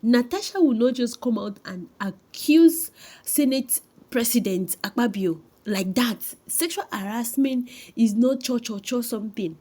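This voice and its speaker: A woman giving quick, insistent casual commentary as a vlogger. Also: on the high side, expressive, dark tone.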